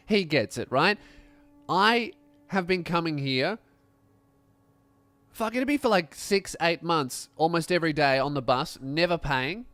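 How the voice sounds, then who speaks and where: A young man telling a comic story as a podcast host, animated and swearing, acting out other people's voices. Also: a little high, no room sound.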